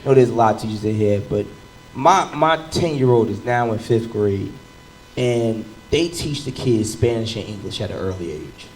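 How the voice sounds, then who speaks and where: A man in his thirties performing a stand-up comedy set, telling animated stories and shouting into bits. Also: fairly low pitch, moderate pace, a little hiss or hum, poor audio. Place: comedy club stage with live audience. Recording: live room with loud crowd laughter.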